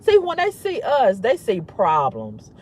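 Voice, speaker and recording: A woman with a husky voice, telling a story to camera in a blunt, emphatic, often repetitive way. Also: on the high side, huge pitch swings, a little slow, darkish tone. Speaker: vlogger. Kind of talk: candid storytelling rant.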